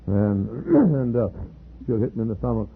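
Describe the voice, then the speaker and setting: An older male pastor delivers a sermon in a husky, mid-pitched voice, often jumping high when he quotes others. The old archive recording sounds thin and tinny, like a phone line. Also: huge pitch swings, moderate pace.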